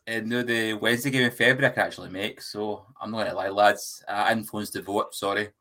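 A man's voice: on the low side, fast talker. A man co-hosting a football podcast, telling stories with constant swearing. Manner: sweary storyteller, animated. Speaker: podcast co-host. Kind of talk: casual chat.

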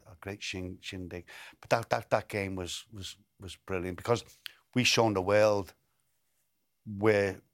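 A low-pitched older man, formerly a footballer, is the guest in a laid-back interview, telling football stories and frequently restarting and repeating words. It's a dry, studio-quality recording.

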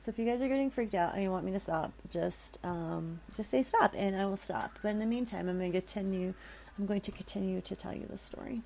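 A woman's voice: medium pitch, a little fast, creaky, a little mellow, slight background noise, low-quality recording. A woman reading a scary story aloud in a dramatic way, stopping for nervous asides to her listeners.

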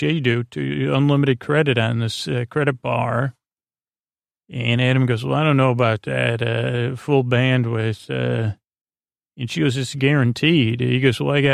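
Gravelly deadpan man rambling a recap. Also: medium pitch, no echo, studio quality. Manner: halting, filler-heavy retelling in "he goes, she goes"; flat, deadpan delivery. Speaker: podcast host. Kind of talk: rambling episode recap for falling asleep.

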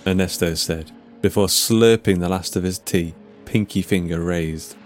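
Man narrating his own weird story, lowish voice, calm and steady, faint music under it. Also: unhurried. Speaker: writer and narrator.

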